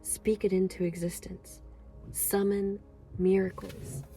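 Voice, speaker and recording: Woman doing a tarot reading, dark mellow voice, kinda rambly and emotional. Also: medium pitch, level tone, slow, faint music behind. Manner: emotional, effusive, rambling with fillers. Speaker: tarot reader. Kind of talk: pick-a-card tarot reading.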